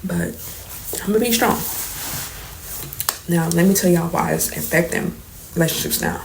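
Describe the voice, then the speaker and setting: Shaky young woman, soft and gravelly. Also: fairly low pitch, moderate pace, a little hiss or hum, low-quality recording. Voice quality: soft, trembling at times, drops to near whispers. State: holding back tears, shaky. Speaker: vlogger. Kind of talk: emotional storytime confession. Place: indoors, late at night.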